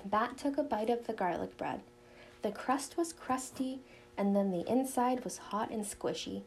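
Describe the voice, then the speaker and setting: A woman narrating a children's novel in an even storytelling manner. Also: on the high side, measured pace, soft background music, rough recording. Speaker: audiobook narrator.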